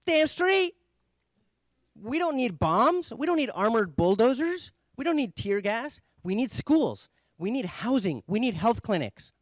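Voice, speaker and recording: Guy voicing an enraged refugee man yelling out, indignant, way higher than normal. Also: sing-song, unhurried, dry recording, heavily acted. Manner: shouting, accusing, indignant. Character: furious male refugee heckler shouting accusations.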